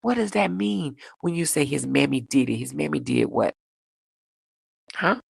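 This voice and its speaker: A woman hosting a casual livestream, reading viewer comments aloud in a sassy, animated way, laughing often and jumping up in pitch for emphasis. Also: moderate pace, vocal fry, husky, dry recording, studio quality. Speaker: livestream host.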